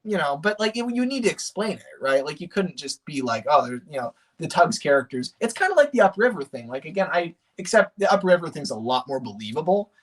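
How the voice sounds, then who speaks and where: A man chatting casually on a livestream, rambling and animated, with many fillers and restarts. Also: on the high side, quick pace, hardly any pauses. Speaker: streamer.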